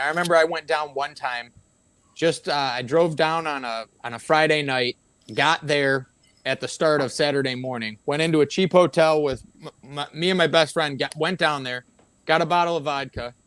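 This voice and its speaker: A man's voice: a little high, fairly quick, clear, resonant tone, dry recording. A man in casual chat, telling rowdy stories with lots of swearing and acted-out quotes. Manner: animated, profane storyteller acting out quotes.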